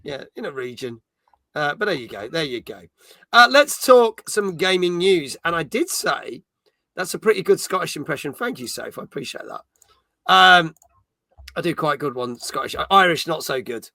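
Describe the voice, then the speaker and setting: A man's voice: fairly high pitch, expressive, normal speed, vocal fry, sharp tone, no room sound, clean studio sound. Chatty middle-aged man hosting. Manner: chatty, reads chat comments aloud, jokey. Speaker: podcast host. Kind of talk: casual live-stream chat.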